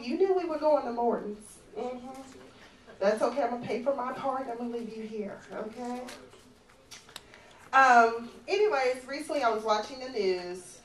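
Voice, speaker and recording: Sassy high-voiced woman doing stand-up. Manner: sassy, conversational, teasing the audience. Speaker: stand-up comedian. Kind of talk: stand-up comedy routine. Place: comedy club. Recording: echoey, far-off club recording with faint ambient noise.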